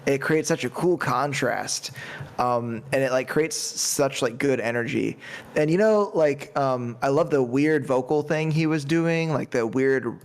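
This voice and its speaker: A man's voice: medium pitch, a little slow. A man chatting casually in a music review, enthusiastic and rambling with lots of fillers. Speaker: podcast panelist.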